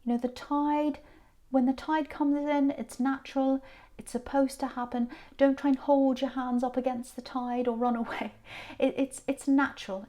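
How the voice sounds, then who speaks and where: A woman giving a rambling, casual tarot reading, repeating phrases and dropping into soft asides. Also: high voice, flat delivery, moderate pace. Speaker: tarot reader.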